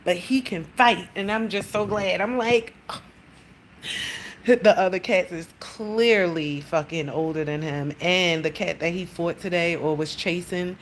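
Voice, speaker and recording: A woman's voice: fairly low pitch, takes it slowly, slight background noise. A woman chatting on a livestream, rambling and swearing freely as she tells stories. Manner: rambling, profane storytelling with lots of "like". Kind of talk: casual livestream chat.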